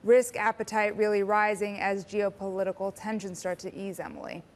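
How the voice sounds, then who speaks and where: A woman markets reporter giving a quick, informative update. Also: medium pitch, flat delivery, long reverb tail. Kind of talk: news report.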